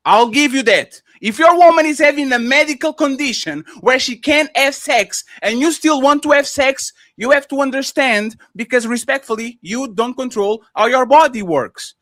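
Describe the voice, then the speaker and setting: High-pitched, brash man arguing on a panel. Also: normal speed, few pauses. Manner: loud, animated, acts out quotes in put-on voices. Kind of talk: heated panel debate.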